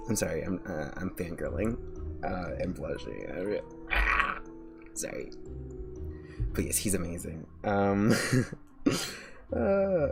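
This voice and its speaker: A man with a fairly low voice chats on a casual live stream, gushing and rambling, often stopping to apologize. Faint music plays softly behind him. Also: big pitch swings, slow pace, vocal fry, pauses often. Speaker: VTuber streamer. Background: faint background music.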